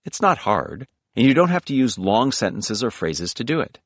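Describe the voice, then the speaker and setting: A man's voice: medium pitch, sing-song, moderate pace, dry recording. A man reading a self-help audiobook, coaching the listener through speaking exercises in an instructive tone. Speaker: audiobook narrator. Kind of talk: scripted audiobook narration.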